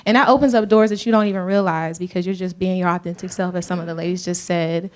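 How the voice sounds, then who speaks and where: A woman's voice: on the low side, fairly even intonation, quick pace, a little mellow, slight background noise. A woman from Georgia with a light Southern lilt speaks on a panel in front of a live audience. Her talk is earnest and reflective, and she calls the room "y'all.". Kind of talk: panel discussion.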